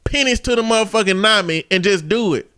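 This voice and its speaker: Man podcast co-host, high bright voice, profane jokester who laughs mid-sentence. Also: fairly quick, clear, resonant tone. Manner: joking, profane, laughing storyteller. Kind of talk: casual comedic chat.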